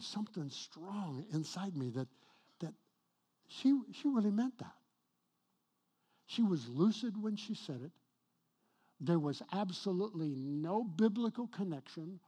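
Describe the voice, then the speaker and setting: A middle-aged male pastor preaching a sermon, telling a personal story with a husky voice that swings from hushed to loud and emphatic. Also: sits high.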